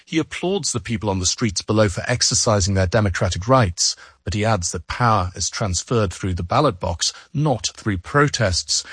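Husky-voiced male radio correspondent, dry sound. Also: fairly low pitch, no room sound. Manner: measured reporting voice. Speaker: foreign correspondent. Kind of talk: scripted radio report.

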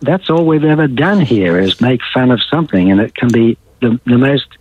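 A man's voice: mid-range voice, expressive, normal speed, breathy edge, no echo. An older Australian man calling into a talk radio show, blunt and rambling as he airs his opinions. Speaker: caller. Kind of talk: casual talk radio call. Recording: tinny phone line.

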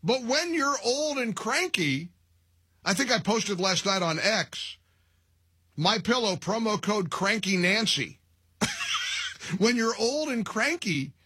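A middle-aged man hosting a talk radio show, mocking and animated, laughing at his own jokes. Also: sits high, husky, no room sound, studio quality. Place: radio studio.

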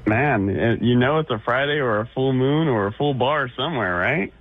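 A man's voice: mid-range voice, animated, moderate pace. A man calling into a radio show, ribbing the host with rambling, laughing banter. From Orange County, California. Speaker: caller. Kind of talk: joking call-in banter. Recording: phone line.

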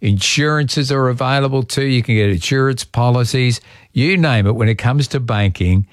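Matey Australian radio host. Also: male voice, medium pitch, moderate pace, dry recording, clean studio sound. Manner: laid-back, matey, chatty. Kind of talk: casual radio chat and live reads.

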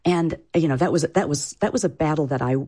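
A woman's voice: sits low, quick pace, mellow, slightly rough. A woman from Iowa, a food writer, answering interview questions in a chatty way with many fillers. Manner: chatty, lots of "you know" fillers.

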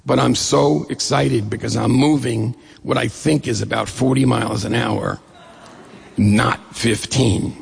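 Man, storyteller, gravelly, raspy, lively, echoing hall. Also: medium pitch, unhurried. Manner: lively, animated retelling. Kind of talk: personal storytelling. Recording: long reverb of a hall.

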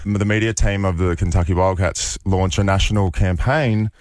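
Easygoing young Australian man, low voice. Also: brisk, few pauses, a little mellow, no room sound, clean studio sound. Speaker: basketball player guest. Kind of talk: casual radio interview.

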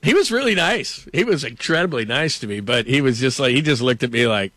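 A man's voice: mid-range voice, animated, a little fast, hardly any pauses, fairly bright tone, no room sound. Rambling, laughing sports radio host man. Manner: rambling, laughs often, many "like"s. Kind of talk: casual studio banter and anecdotes. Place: radio studio. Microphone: studio microphone.

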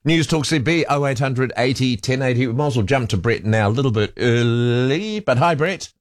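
A man's voice: medium pitch, lively intonation, no room sound. A New man hosting talkback radio, easygoing and conversational. His voice sits in a middle register and is recorded close and dry in a studio. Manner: conversational, interjects with quick questions.

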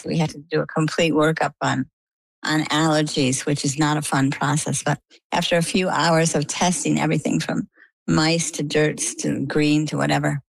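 Low, gravelly-voiced middle-aged woman storyteller. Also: no room sound, poor audio. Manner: chatty, vivid storyteller who acts out quoted dialogue. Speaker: interview guest. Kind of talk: storytelling in an interview.

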